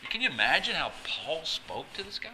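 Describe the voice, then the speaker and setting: A man's voice: on the high side, sing-song, brisk, noisy background. A man preaching a conversational sermon as a pastor, often stumbling over and repeating words with chatty asides.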